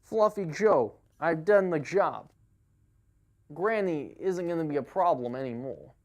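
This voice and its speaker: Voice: mid-range voice, expressive, a little slow, pitched above the performer's own voice. A game streamer voicing a vengeful orange tabby cat who gives mock-solemn, menacing speeches. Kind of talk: game streaming role-play.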